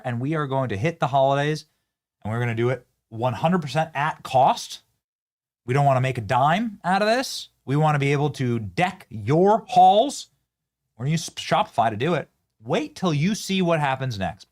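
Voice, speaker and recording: A man hosting a political commentary show, mocking and animated, often breaking into laughter. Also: fairly high pitch. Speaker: host.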